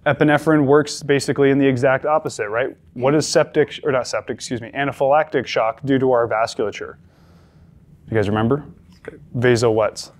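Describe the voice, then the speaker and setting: A man's voice: medium pitch, fairly even intonation, a little fast. A male paramedic instructor giving a classroom lecture, talking conversationally and repeating the key points with emphasis.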